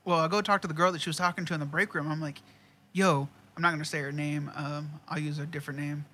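A man's voice: on the high side, steady tone, fast talker, sharp tone. A man, casually telling a profane work story with lots of quoted dialogue and laughter. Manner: laid-back, profane, laughs often, quotes people in dialogue.

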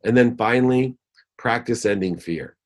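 A man's voice: medium pitch, moderate pace. A man giving a motivational talk in an interview, emphatic and listing ideas in rhythmic phrases. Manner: acts out voices when telling a story. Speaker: guest speaker.

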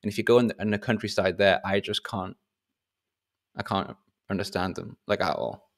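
Northern English man, podcast host, lowish voice, rambling chat. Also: fairly even intonation, normal speed, creaky. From Northern England. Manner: chatty, rambling, restarts often.

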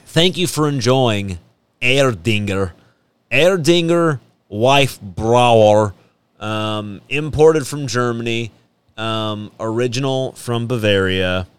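A man's voice: mid-range voice, slow pace, smooth, no echo. A young man hosting a casual radio talk show, joking around and reading things aloud. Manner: jokey, reads aloud with a hammy mock German lilt. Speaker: podcast host.

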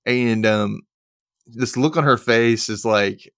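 In a medium-pitched, somewhat bright voice with a clean tone and no echo, a man recaps a TV episode for his podcast. The studio-quality recap is casual, peppered with quick performed lines from the scenes.

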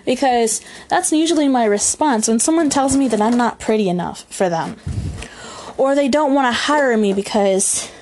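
A woman's voice: on the high side, animated, normal speed, a little mellow, slight background noise. Young woman with a girlish voice. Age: young adult. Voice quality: girlish, youthful-sounding voice. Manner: chatty, rambling, laughs often. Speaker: podcast host. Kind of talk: casual solo chat. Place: room at home.

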